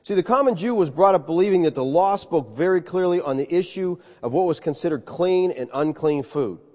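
Man, preacher, sermon, conversational, fairly high voice, dull-sounding recording. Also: a little fast. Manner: animated, conversational preaching, addresses listeners as folks. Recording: reverberant hall, slightly dull sound.

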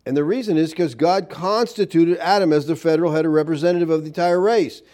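Emphatic male preacher, mellow voice. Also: fairly high pitch, fast. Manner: emphatic, rhetorical questions, reads scripture aloud. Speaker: pastor. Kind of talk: sermon.

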